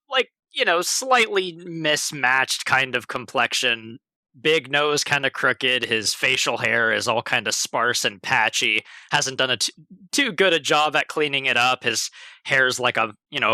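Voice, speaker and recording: A man describing his character in a tabletop game, relaxed and casual. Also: medium pitch, unhurried, no echo. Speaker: player.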